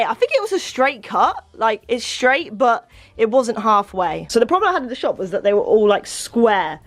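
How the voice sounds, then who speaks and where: A young woman with an English accent chatting casually in a vlog, self-deprecating and jumping into high excited tones. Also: normal speed, over music. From England. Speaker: vlogger.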